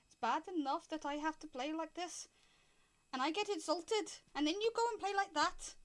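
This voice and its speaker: Woman doing a tiny Scottish bagpiper man, grumpy, gruff, high-pitched, tabletop game character. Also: moderate pace. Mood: indignant. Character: tiny cranky blue male kilted bagpiper.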